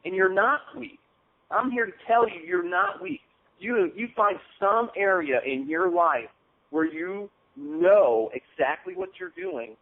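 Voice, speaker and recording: A man's voice: high-pitched, a little slow. Man coaching over a tinny phone line. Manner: casual, repeats "okay?" often. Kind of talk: motivational talk on a call. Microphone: phone call.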